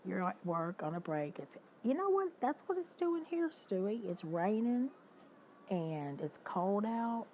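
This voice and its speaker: An older woman chatting casually with her livestream viewers, animated, greeting them by name and laughing often. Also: medium pitch, a little slow, slight background noise, poor audio. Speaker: livestream host. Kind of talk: casual chat with live viewers.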